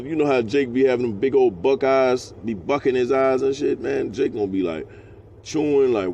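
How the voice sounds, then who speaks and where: A man teaching scripture, reading verses slowly and breaking into slangy, profane asides. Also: medium pitch, expressive, a little mellow, slight background noise. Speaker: preacher. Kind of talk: scripture teaching with street talk.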